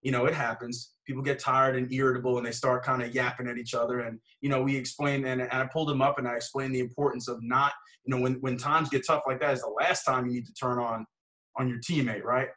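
A man's voice: mid-range voice, little pitch movement, fast talker, sharp tone, low-quality recording. A man who coaches football, chatting casually, with rambling sentences full of slang and restarts. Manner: rambling, heavy on fillers and restarts, laid-back slang.

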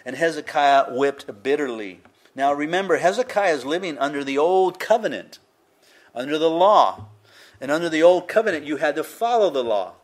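A man's voice: fairly high pitch, animated, moderate pace. An older man, a pastor, preaching a conversational sermon with frequent asides and chuckles.

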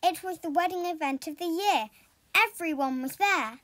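A woman reading a picture book aloud in an expressive storytelling way. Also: very high-pitched, moderate pace. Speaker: storybook reader.

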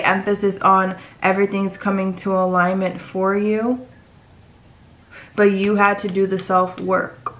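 A woman giving a tarot reading to her viewers, reassuring and repeating phrases for emphasis. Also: fairly low pitch. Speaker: tarot reader.

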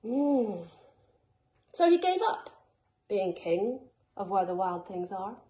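A woman teacher reading a picture book aloud to children in a slow, expressive storytelling manner, in a school classroom. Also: medium pitch, slight background noise. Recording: echoey room.

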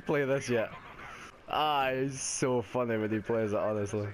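A young man doing live gameplay commentary from a home gaming setup on a headset mic. His talk is excitable and sweary, and he often laughs at himself. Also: mid-range voice, measured pace, slight background noise. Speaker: gaming YouTuber.

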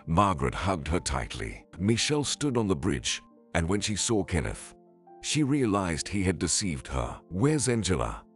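A man's voice: low voice, big pitch swings, normal speed, a bit bright, faint music behind. A man narrating a scripted drama story in a dramatic storytelling manner.

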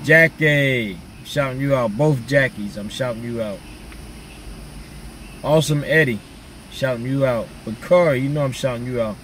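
A man's voice: medium pitch, moderate pace, fairly bright tone, recorded from a distance. Laid-back man vlogger, casual slangy chat with viewers, a little off-mic, faint hum behind.

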